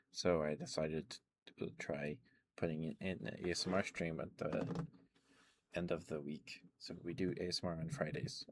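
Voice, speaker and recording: A man chatting casually with stream viewers, relaxed and rambling with soft laughs. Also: low voice, a little hiss or hum. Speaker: ASMR streamer.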